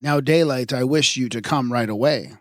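A man's voice: mid-range voice, moderate pace, dry recording, studio quality, natural voice. A man reading the part of a strong young male hero in a myth, speaking steadily and with command. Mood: calm.

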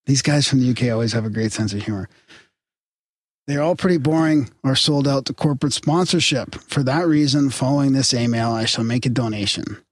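With a mid-range voice and no echo, a man co-hosting a podcast reads listener emails aloud. He's laid-back about it, chuckling and restarting as he goes.

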